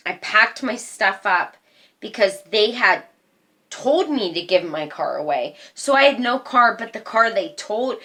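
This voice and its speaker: Woman, mid-pitch, unhurried personal storytelling, halting with fillers. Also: bright, forceful tone. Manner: slow, halting retelling with many fillers. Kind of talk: personal life story, casual.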